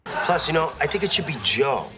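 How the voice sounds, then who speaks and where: A man's voice: fairly high pitch, big pitch swings, brisk, noisy background. An actor playing a casual, joking young man in a sitcom clip. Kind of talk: sitcom dialogue.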